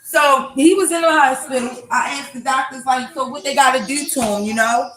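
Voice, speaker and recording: A young woman telling a loud, brash, profane story in a casual vlog at home. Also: high-pitched, normal speed. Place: home with children nearby. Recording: echoey room, faint noise.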